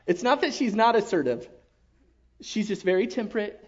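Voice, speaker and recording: A man giving an emotional personal testimony to his church, earnest and halting, often dropping to a hush. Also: high voice, very animated. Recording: dull lo-fi recording.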